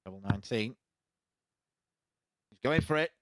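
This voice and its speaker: A man's voice: mid-range voice, expressive, normal speed, dry recording, studio quality. A man calling live darts, eager and urgent. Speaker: darts commentator. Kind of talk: live sports commentary.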